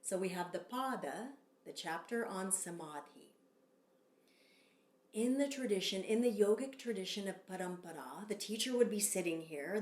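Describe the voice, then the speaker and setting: A woman teaching a yoga sutra lesson, speaking calmly and measured, leading chants. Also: mid-range voice, echoey room. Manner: calm, slow and measured, with long drawn-out chants. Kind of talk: Sanskrit sutra lesson with call-and-response chanting.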